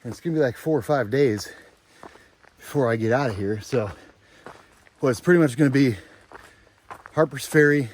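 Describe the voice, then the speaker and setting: A man's voice: medium pitch, moderate pace, long pauses, slight background noise. A man filming himself while hiking on a forest trail, giving an upbeat, chatty casual vlog update and often tossing in "baby". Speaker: thru-hiker vlogger. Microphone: handheld camera, selfie.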